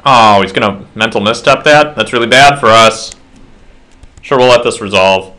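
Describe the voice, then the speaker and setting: Slightly buzzed guy talking over his card game, low voice but bright and forceful, rambly and self-mocking. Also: normal speed. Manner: rambling, self-deprecating asides. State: slightly tipsy. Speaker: player commentating his own match. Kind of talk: casual game commentary.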